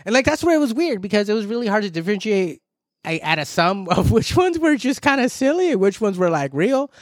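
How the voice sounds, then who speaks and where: A man in his twenties in casual chat, slangy and animated, acting out quoted lines and laughing often. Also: sits high, fairly quick, dry recording, clean studio sound. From San Diego area.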